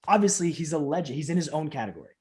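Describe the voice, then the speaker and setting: Man telling a lively anecdote in a fairly high voice. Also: racing. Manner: animated, acts out the voices of people in his stories, fills in with "like". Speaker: professional wrestler, interview guest. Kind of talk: casual interview storytelling.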